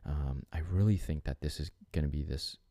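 Podcast host, male, very low mellow voice, earnest and rambling, dry close sound. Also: a little fast, no room sound. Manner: earnest, rambling, with frequent restarts and filler. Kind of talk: reflective solo podcast monologue.

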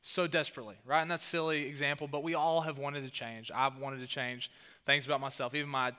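Bright-voiced Southern pastor preaching. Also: male voice, mid-range voice, quick pace, clear, resonant tone, in a large hall. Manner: animated storytelling with rising emphasis. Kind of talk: sermon. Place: church hall.

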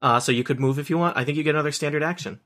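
A man's voice: on the high side, rapid-fire, pushed and bright. A man running a tabletop game as game master, talking in a hesitant, friendly way with many fillers.

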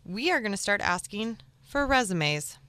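A woman's voice: medium pitch, normal speed, clear, resonant tone, no echo. A woman in her twenties co-hosting a casual podcast chat, joking and repeating herself, hungover. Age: 20s. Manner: animated, repetitive, jokey. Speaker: podcast co-host.

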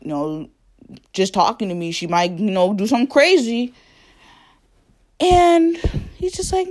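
A woman's voice: on the high side, sing-song, moderate pace, vocal fry, darkish tone. A young woman casually telling a story to the camera, full of fillers and quoted dialogue, laughing often.

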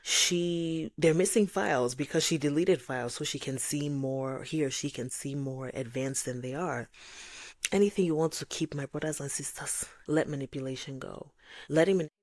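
A woman's voice: low voice, moderate pace, dry recording. A woman from Nigeria hosting a faith-based podcast, talking reflectively and acting out voices of others. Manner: animated, acts out voices of God and others. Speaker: podcast host.

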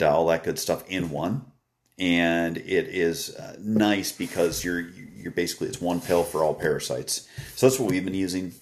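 A tired man from Wisconsin, hosting a casual live stream about dog training and answering viewer comments with lots of fillers. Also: low-pitched. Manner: relaxed and rambling, frequent "uh" fillers. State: tired, yawning.

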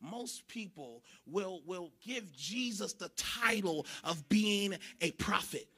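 High bright preaching man. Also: takes it slowly, slightly rough. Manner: animated, preaching with shouted emphasis and laughs. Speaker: pastor. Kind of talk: sermon. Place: church.

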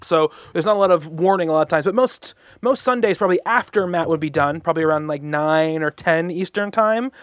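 A man's voice: fairly high pitch, fairly quick, few pauses, no echo, clean studio sound. A young man hosting a podcast, chatting casually and rambling with many fillers and restarts. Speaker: podcast host. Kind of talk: casual chat.

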